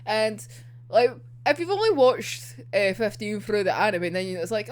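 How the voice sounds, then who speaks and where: A woman's voice: on the high side, sing-song, a little slow. Giggly woman gushing over manga. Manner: giggly, gushing, swears freely, says "like" constantly. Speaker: manga reviewer. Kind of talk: casual chapter reaction.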